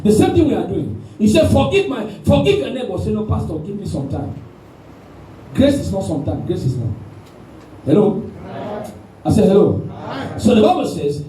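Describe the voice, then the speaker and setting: A man preaching a sermon with animated call-and-response, recorded in a church hall with the mic at a distance. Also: very high voice. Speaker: pastor. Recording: echoey room, mic at a distance.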